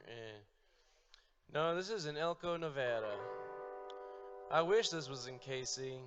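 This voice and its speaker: A man telling a long, profane, deadpan story on stage between songs. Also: on the high side, measured pace, long pauses, dull audio, soft background music. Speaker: comedic storyteller and musician. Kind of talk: stand-up storytelling.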